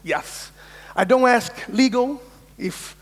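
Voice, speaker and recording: High-voiced man keynoting in a reverberant hall. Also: slow pace. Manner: energetic, insistent, swears, acts out quoted voices. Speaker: keynote speaker. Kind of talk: conference keynote talk. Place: large conference hall.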